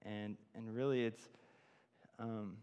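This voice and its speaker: A man preaches casually, rambling through a story full of ums and restarts. His voice sounds smooth and resonant, carried on a long hall reverb. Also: on the low side, steady tone, slow pace, dull audio. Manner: rambling, many fillers and restarts. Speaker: church speaker. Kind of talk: informal sermon with personal story.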